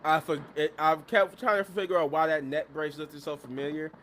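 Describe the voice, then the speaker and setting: A man hosting a live show, retelling events in a casual, animated recap and acting out the quotes. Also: fairly high pitch, moderate pace, slight background noise.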